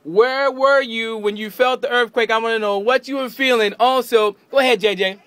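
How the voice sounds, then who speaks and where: A man hosting live radio, excitedly questioning coworkers in the station. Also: very high voice, moderate pace. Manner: energetic, shouting questions at coworkers. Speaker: radio host. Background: crowd of coworkers.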